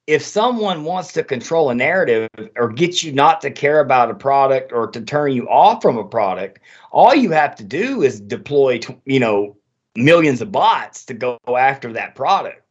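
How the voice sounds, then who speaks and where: Speaking at a moderate pace, this podcast host has a medium-pitched and very animated voice. His casual talk is emphatic and loaded with swearing, recorded in muffled lo-fi quality.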